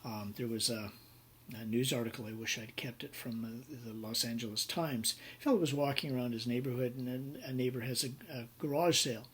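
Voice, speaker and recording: A man's voice: mid-range voice, fairly even intonation, a little fast, a bit bright, a little hiss or hum. A man giving a conversational university lecture on contracts, with many fillers and acted-out examples. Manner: conversational with frequent fillers and role-played examples.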